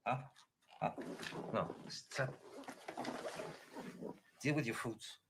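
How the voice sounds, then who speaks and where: A man playing a brash tycoon in an improvised comedy sketch, boastful and quick to cut others off. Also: medium pitch, heavy background noise.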